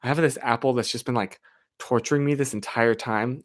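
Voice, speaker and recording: A man's steady, mid-range voice moves briskly as he streams from a chilly room. He chats and rambles casually, relying on "like" fillers, and speaks directly to his viewers' messages into a streaming microphone.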